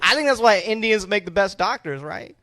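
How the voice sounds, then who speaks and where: A male stand-up comedian delivering a cheeky, animated routine. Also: sits high, fairly quick. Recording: loud live crowd and noise.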